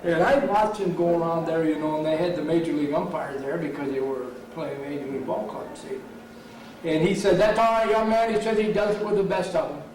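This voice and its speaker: Older man, ex-pitcher, meandering anecdotes; distant mic, faint hiss. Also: steady tone, brisk. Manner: rambling storyteller, many fillers. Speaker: former baseball pitcher. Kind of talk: reminiscing interview. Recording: echoey, distant, faint noise.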